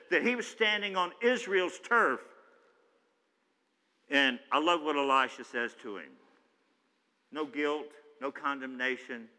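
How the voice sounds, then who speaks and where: Excitable preacher with a bright voice in a big hall. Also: male voice, on the high side. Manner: animated, shifts between loud excited bursts and hushed asides; acts out the Bible characters in his own voice. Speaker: pastor. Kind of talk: sermon. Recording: long reverb of a large hall.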